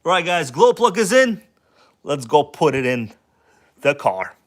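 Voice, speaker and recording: A man's voice: on the high side, very animated, unhurried. A man hosting a casual hobby livestream from home, talking loosely and joking with viewers. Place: at home, kitchen table.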